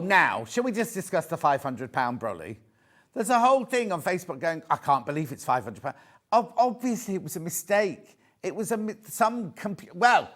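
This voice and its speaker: British male shopping-channel host, lively banter, keeps repeating the price. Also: high voice. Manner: chatty, jokey, repeats prices. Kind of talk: live TV sales pitch. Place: TV studio.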